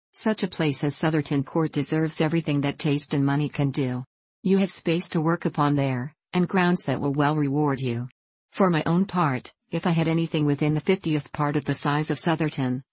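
A woman's voice: low voice, darkish tone, no echo. A woman reading an audiobook voices a fussy, boastful older aunt who rambles on self-importantly.

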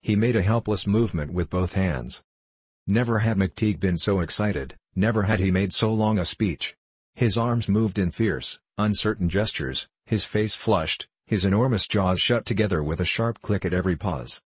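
Low husky guy reading a novel aloud, steady and measured, dry close recording. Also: no echo. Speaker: audiobook narrator. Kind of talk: scripted narration.

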